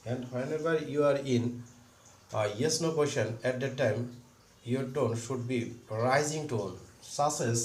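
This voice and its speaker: Speaking at a measured pace in a medium-pitched voice, a man teaches English grammar step by step and says each example sentence twice. He's recorded from a distance in a roomy space, with faint noise behind him.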